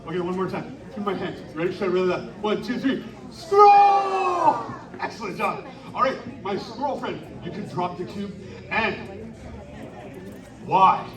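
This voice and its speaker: High-voiced showman firing up a crowd. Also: moderate pace. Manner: animated, coaxing the crowd into shouting. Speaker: live children's storytelling performer. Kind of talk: interactive live show hosting. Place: outdoor winter carnival stage. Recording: echoey, distant live stage recording with crowd. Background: audience noise.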